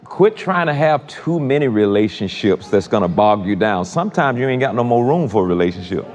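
A man preaches a sermon in a lowish, somewhat dark voice with big pitch swings, speaking fairly quickly. His style is conversational and repetitive, and he addresses his congregation directly. Long hall reverb surrounds the recording.

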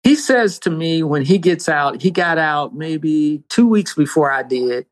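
A man's voice: lively intonation, unhurried. Emphatic man telling a faith testimony. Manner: emphatic storyteller with big pitch swings. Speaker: guest sharing testimony.

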